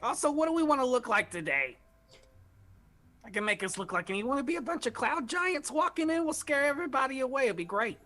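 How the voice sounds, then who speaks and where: Man putting on a bright, lively, bossy young adventurer, faint music. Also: very high voice, fast talker, voice pushed up, heavily acted. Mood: eager.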